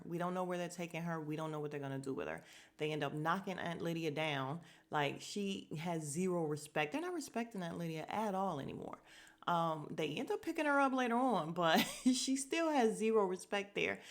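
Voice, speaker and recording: A woman hosting a podcast, recapping a TV episode in casual chat, acting out the characters' lines and laughing as she goes. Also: on the low side. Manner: animated storyteller, acts out quotes and laughs; blunt, swears freely. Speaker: podcast host.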